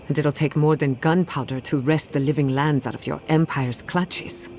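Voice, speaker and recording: A woman's voice: deep voice, steady tone, moderate pace, a little mellow, a little hiss or hum. A dry, skeptical scholarly companion from a video game. She delivers her lines plainly, with wry asides. Faint crickets chirp outdoors behind her. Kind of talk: video game character dialogue.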